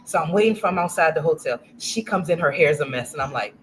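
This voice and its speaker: Telling a casual story as a guest, a Louisiana woman in her 40s speaks quickly in a deep voice, performing the voices of the people she quotes with lots of animation. A faint hiss or hum runs under the poor-quality audio.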